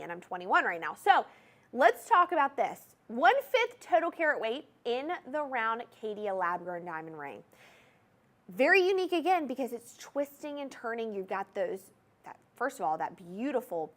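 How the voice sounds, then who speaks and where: A woman with a Southern US accent pitches on a TV shopping show, her fairly high voice swinging up and down in lively swoops. She gushes and chats straight to the viewers, warm with sales energy and full of little asides. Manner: chatty, gushing, addresses viewers directly. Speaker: home shopping host. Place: TV shopping studio.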